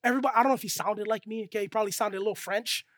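A preacher giving a lively, conversational sermon to a young crowd. The preacher often checks in with the listeners and drops soft and low to stress the key points. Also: racing, no room sound.

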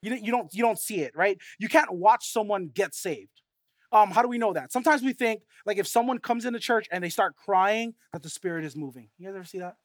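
A man in his thirties preaching a sermon as pastor, conversational and animated, telling stories with frequent asides. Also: high voice, brisk, no echo, studio quality.

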